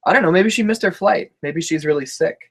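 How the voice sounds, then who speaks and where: A man's voice: on the high side, a little fast, husky. A man co-hosting a live show, chatting casually with a lot of swearing and laughter. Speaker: co-host of a live wrestling talk show. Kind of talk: casual profane chat.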